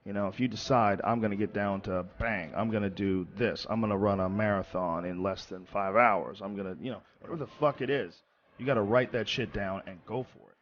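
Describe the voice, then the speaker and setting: A man's voice: fairly low pitch, steady tone, a little fast. A man hosting a podcast, giving blunt, emphatic advice with casual swearing. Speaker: podcast host. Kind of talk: casual chat. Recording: slightly dull sound.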